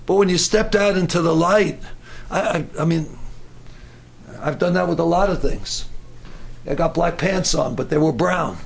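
Animated high-voiced man preaching. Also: normal speed, vocal fry, long pauses. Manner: animated, acts out voices, bursts into shouts. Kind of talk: sermon.

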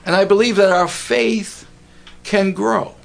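Male preacher, slightly high gravelly voice, chatty sermon delivery with questions. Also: steady tone, slow pace. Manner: conversational, asks the congregation questions.

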